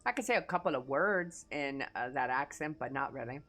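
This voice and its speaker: A woman's voice: rumbling low, expressive, brisk, a bit bright. A young woman streamer chatting casually with her live chat, reading messages aloud, answering offhand and swearing freely.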